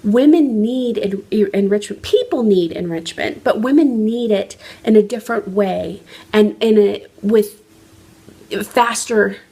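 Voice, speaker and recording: A life coach on a phone livestream gives an earnest, emphatic motivational talk in an unhurried, dark, slightly rough medium-pitched voice. Her pace varies, and she frequently restarts her sentences.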